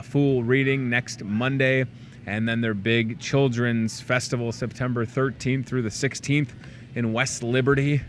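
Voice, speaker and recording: A man hosting a local in-store talk show, chatting casually and rambling through plugs, jokes and shout-outs. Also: medium pitch, slight background noise. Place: grocery store.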